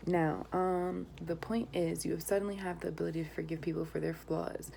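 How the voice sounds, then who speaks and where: A woman with a deep, low voice reads tarot cards aloud. She often sinks into a whisper and then bursts into excited exclamations. A steady hiss of noise sits under the home recording. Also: brisk, gravelly. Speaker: tarot reader. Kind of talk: tarot reading vlog.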